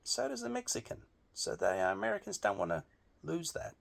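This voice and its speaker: A man's voice: fairly high pitch, wildly swooping pitch, moderate pace, gravelly, fairly bright tone. A man delivering a blunt, emphatic opinion monologue with frequent swearing. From Australia. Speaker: political commentator.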